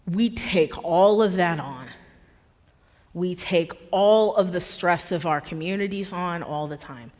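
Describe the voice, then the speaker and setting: A woman giving an impassioned public talk as a guest speaker in a church, emphatic and forceful, repeating words for effect. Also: lowish voice, slow, long reverb tail. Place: church hall.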